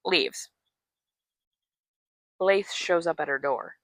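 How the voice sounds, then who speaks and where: Woman co-host, casual storyteller, crisp bright voice, dry close recording. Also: fairly low pitch, takes it slowly, dry recording. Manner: breathless retelling full of "like", swears freely. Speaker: podcast co-host. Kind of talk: casual chat.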